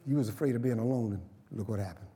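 A man's voice: fairly low pitch, fast talker, warm tone, in a large hall. A man preaching a sermon, emphatic and calling for responses from the congregation. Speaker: pastor.

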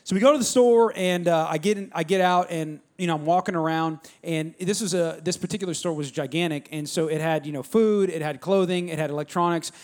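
Young guy preaching in church, high voice, rapid storytelling, keeps hyping the crowd. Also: darkish tone. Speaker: pastor. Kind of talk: sermon with call-and-response.

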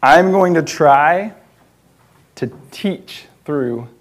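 A man's voice: on the high side, animated, drawn-out words. A man preaching an informal sermon, chatty, laughing often and restarting his sentences.

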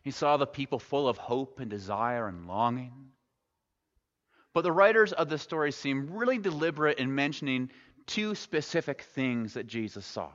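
A male pastor preaching a sermon, telling the story in a relaxed, conversational way and dropping wry jokes along the way. His mid-pitched voice rings out with a long reverb through a church sanctuary. The recording sounds dull and lo-fi. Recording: echoey hall, dull lo-fi sound.

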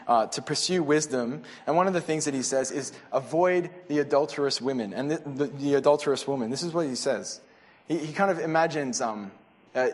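A young man preaches in an earnest, conversational way, often breaking off and restarting his sentences. His voice sits a little high for a man. It rings out with the long reverb of a hall. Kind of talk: sermon.

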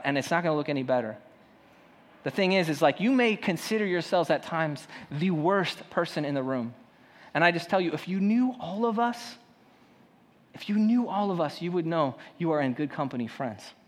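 A man preaching a sermon as a pastor, passionate, swinging between loud emphasis and quiet asides. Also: a little high. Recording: long hall reverb.

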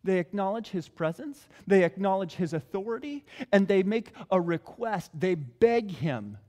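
A man's voice: sits high, very animated, moderate pace, a little mellow. A male preacher giving a sermon in a conversational, emphatic way, repeating his key points. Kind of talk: expository sermon. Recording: long reverb in a large hall.

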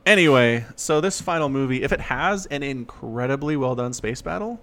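Male podcast co-host, lively pitch, sarcastic, quick asides. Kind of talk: casual chat.

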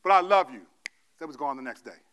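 A male pastor preaching a sermon, telling stories animatedly, playing out God's voice in slangy asides and then dropping into a quieter, gentle exhortation. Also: on the high side, animated, fast talker, clean tone. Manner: drops to a soft, quiet delivery for the exhortation.

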